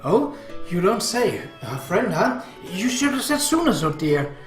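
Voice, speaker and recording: A man voicing a gentle elderly mother. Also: sits high, very animated, unhurried. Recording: roomy echo, faint guitar music.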